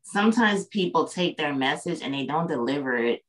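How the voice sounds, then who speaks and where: A woman's voice: sits low, expressive, moderate pace, poor audio. A woman guest on a podcast, talking in an earnest, reflective way and often checking in with the listener. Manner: reflective, earnest, frequent "you know what I'm saying". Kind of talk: casual chat.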